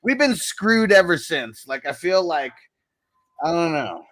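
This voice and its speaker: A man co-hosting a podcast, relaxed and agreeable, swearing casually. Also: on the high side, a little slow, no room sound. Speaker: podcast co-host. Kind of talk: casual chat.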